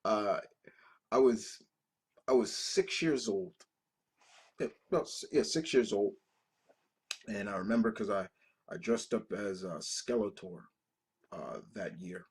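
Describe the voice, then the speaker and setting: A man's voice: lowish voice, takes it slowly, pauses often, husky. Swearing, emotional man in his thirties. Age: 30s. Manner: profane, emotional storytelling with many restarts. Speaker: reaction video host. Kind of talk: casual reaction-video commentary.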